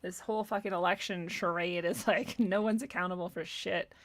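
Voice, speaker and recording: A woman's voice: on the low side, fairly even intonation, brisk. A woman host ranting sarcastically in casual commentary, exasperated and profane, often laughing.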